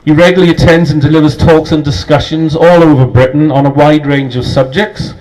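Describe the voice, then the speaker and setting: A man's voice: on the high side, steady tone, brisk, darkish tone, poor audio. A man hosting a group meeting in a pub function room, formally announcing news and introducing the guest speaker. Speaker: host. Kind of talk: reading an introduction.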